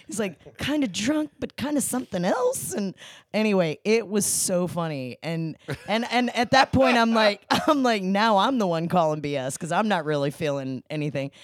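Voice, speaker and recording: A woman guest on a podcast, casually telling a story in an animated way and laughing often as she talks. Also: on the low side, moderate pace, no room sound, studio quality.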